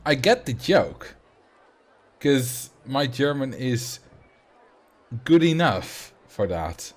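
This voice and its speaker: A man's voice: mid-range voice, big pitch swings, very slow. Chatty streamer man. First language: Dutch. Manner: chatty, self-mocking, thinks aloud, reads chat. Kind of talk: casual livestream chat while building in a game.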